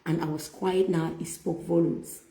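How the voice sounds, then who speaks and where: A middle-aged woman telling a personal story in a casual faith-based chat, animated and often laughing as she quotes herself. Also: fairly low pitch, normal speed, creaky. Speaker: host. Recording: echoey room.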